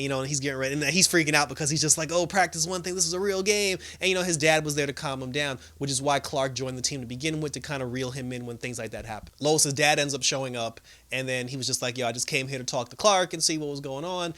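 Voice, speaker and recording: A young man talks through a TV episode like he is chatting with friends, loose and rambling with quick laughs. His voice sits a little high and has a bright, forward tone. It comes across as an easygoing reviewer telling the story his own way. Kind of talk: casual episode recap.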